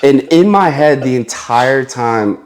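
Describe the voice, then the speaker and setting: A man's voice: mid-range voice, expressive, slow, crowd noise. A man, a chef and podcast guest, telling a story in casual chat, acting out quoted dialogue and laughing often.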